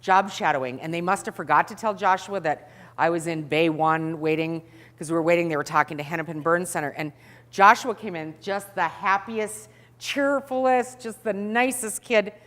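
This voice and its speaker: A middle-aged woman telling a story to an audience in an animated way, acting out the scenes. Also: lowish voice, normal speed, big-room sound. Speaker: speaker.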